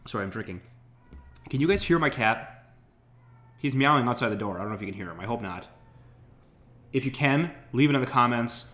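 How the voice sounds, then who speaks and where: A man's voice: mid-range voice, fairly bright tone. A man hosting a podcast, telling a rambling, wry, complaining story while getting over an illness. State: recovering from illness. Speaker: podcast host. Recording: roomy echo.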